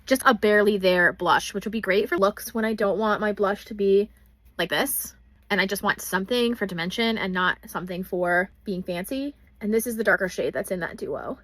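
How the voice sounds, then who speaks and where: A woman's voice: medium pitch, normal speed, fairly bright tone, no echo. A young woman chatting casually as she swatches makeup in a vlog, gushing over products. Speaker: beauty vlogger.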